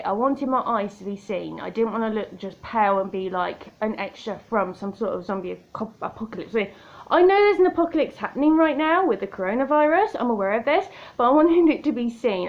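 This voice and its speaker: A woman's voice: fairly high pitch, creaky, highs cut off. A woman chatting self-mockingly through a makeup tutorial at home, talking straight to the viewer. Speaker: makeup vlogger. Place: indoor room by a window. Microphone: tablet camera.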